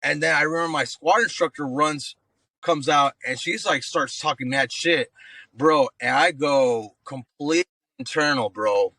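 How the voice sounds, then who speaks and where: On a podcast, an active-duty Marine guest in his thirties tells loose, profane stories, calling everyone "bro" and acting out voices in slangy, animated fashion. His voice is on the high side at a moderate pace, with no room sound but poor audio.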